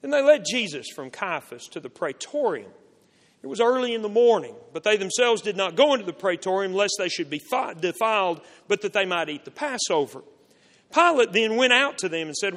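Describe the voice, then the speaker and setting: High, lively man reading scripture. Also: fairly quick. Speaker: scripture reader. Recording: long hall reverb.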